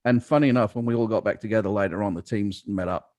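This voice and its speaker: A man's voice: fairly low pitch, quick pace, a little mellow, no echo. A man hosting a podcast, telling a long anecdote in a casual, rambling way with plenty of fillers. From Western Australia. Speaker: podcast host. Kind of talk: casual storytelling chat.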